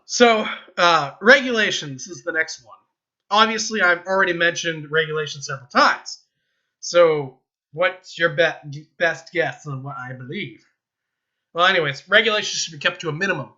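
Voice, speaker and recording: A young American man talks through his political views while playing a game, rambling and stopping to chuckle or fix his words. His voice is very bright and a little high for a man, recorded on a dull, lo-fi home mic. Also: normal speed. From United States. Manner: rambling, self-interrupting, with chuckles. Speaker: gaming vlogger giving political opinions. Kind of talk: casual rambling commentary while gaming.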